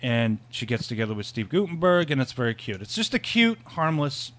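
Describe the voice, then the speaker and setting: A man's voice: mid-range voice, big pitch swings, fairly quick, a bit bright. A man co-hosting a casual film podcast, rambling and laughing often, with many restarts. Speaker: podcast co-host.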